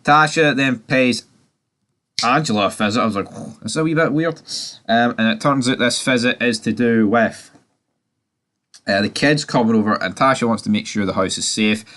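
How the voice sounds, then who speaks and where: A man's voice: mid-range voice, normal speed, long pauses, a bit bright. A man giving a casual, profanity-heavy TV recap, opinionated and mocking. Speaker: TV series recapper.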